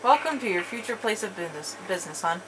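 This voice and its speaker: A woman's voice: medium pitch, lively intonation, quick pace. A woman commentating a co-op zombie game with a partner, chatty and teasing. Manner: chatty, teasing, bursts into panicked screams. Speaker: gamer playing co-op. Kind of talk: casual let's-play commentary. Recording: loud background noise.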